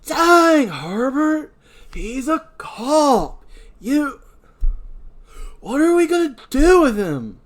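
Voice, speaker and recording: Guy doing a freaked out young doctor, voice jumping up high, all flustered. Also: very animated, extremely slow, pauses often, full character voice. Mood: panicked. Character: panicked young doctor, man.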